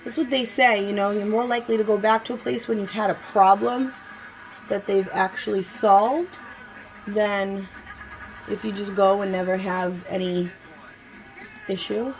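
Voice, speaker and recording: A woman's voice: medium pitch, fairly even intonation, unhurried, pauses often, soft background music, poor audio. A young woman and mother chatting casually at home while doing her makeup, telling stories and saying "like" a lot. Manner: chatty storyteller, says "like" a lot. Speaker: vlogger and mother.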